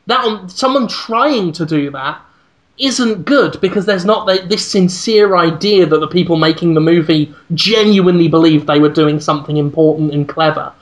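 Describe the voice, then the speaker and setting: A man's voice: high voice, a bit bright. A man co-hosting a podcast, talking earnestly and rambling a little with restarts in casual chat. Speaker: podcast co-host.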